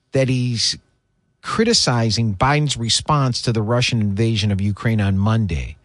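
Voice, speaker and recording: A man's voice: mid-range voice, fairly bright tone, no room sound. A man hosting political talk radio, delivering opinionated commentary in an indignant, emphatic way. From United States.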